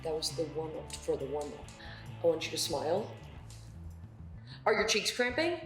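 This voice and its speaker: A woman's voice: deep voice, expressive, normal speed, fairly bright tone. A woman playing a blunt, bossy acting coach. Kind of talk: comedy sketch. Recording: echoey room with music.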